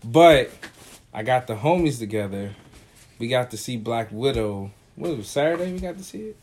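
A man's voice: mid-range voice, lively intonation, normal speed, a little mellow, a little hiss or hum. Joking man hosting a home podcast. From Baltimore. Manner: joking, laughs often. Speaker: podcast host. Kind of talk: casual chat. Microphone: home recording mic.

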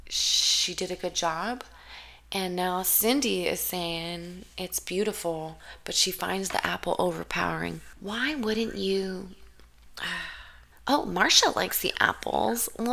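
A woman's voice: lowish voice, creaky, pushed and bright. A woman giving casual reaction commentary while watching a show, sarcastic and profane, with rambling asides.

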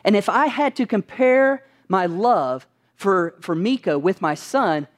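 A man's voice: sits high, expressive, a little slow. A man preaching a sermon as pastor, asking his listeners rhetorical questions and answering them with emphasis.

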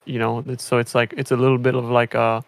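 A man's voice: medium pitch, level tone, fast talker, creaky, dry recording. Casual male gamer, rambles with fillers, dry close sound. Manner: rambling, many fillers and restarts. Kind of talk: casual gaming chat.

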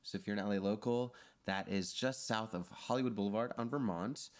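Chatty man with a lowish voice. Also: fairly quick. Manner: chatty, fills speech with "like". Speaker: podcast guest. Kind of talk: casual chat.

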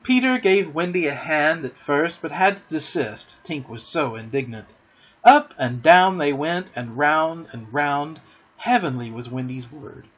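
A man reading a children's storybook aloud as a podcast host, expressive and gentle. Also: a little high, a little slow, husky, highs cut off.

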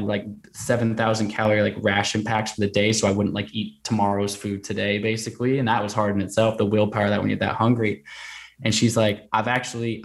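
A man being interviewed, telling a long personal story in an animated conversational way, full of repeated fillers. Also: fairly low pitch. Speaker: guest recounting an expedition.

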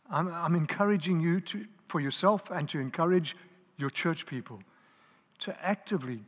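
A man's voice: fairly high pitch, breathy edge. A man preaching a sermon in an earnest, emphatic way, stacking up lists and repeating key words. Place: church hall. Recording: live in a large reverberant hall.

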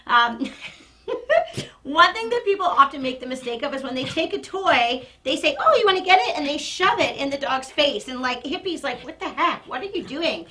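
A woman dog trainer demonstrating toy play on a live stream, chatty and animated, breaking into excited praise for the dog. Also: high voice, low-quality recording.

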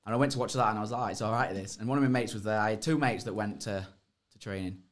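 A man's voice: lowish voice, very fast. A young man, a podcast guest who tells his fight stories in rambling casual chat, laughing and swearing often.

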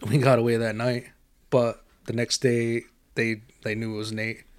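A man's voice: mid-range voice, normal speed. A man co-hosting a casual podcast, telling a long story to friends with lots of swearing and laughing. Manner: profane, animated, laughing through his own story. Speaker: podcast co-host.

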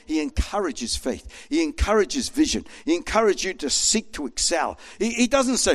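A man preaching a sermon with an animated manner, acting out voices as he tells the story. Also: high-pitched, normal speed, few pauses, slightly rough. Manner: animated, acts out voices in quotes.

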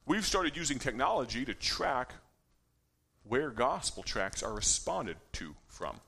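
A man's voice: medium pitch, big pitch swings, unhurried, creaky, bright, forceful tone, breathy edge. A man in his thirties giving an informal talk at a ministry gathering, chatty and joking, often checking in with his listeners. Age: 30s. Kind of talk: informal talk to a live audience.

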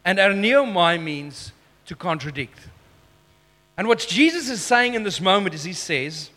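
A man preaching a sermon as pastor, emphatic, slowing down for key phrases, with self-deprecating asides. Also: sits high, lively intonation, bright, forceful tone, long reverb tail.

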